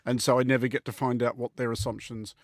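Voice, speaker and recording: A man's voice: mid-range voice, little pitch movement, quick pace, dry recording. An Australian man hosting a radio news panel, reading out items and teasing guests with dry humor. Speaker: radio host.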